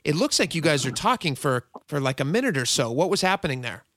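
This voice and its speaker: Upbeat male radio host, bright and dry, leading questions. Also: on the high side, sing-song, quick pace, no echo. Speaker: radio talk show host. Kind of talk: radio interview.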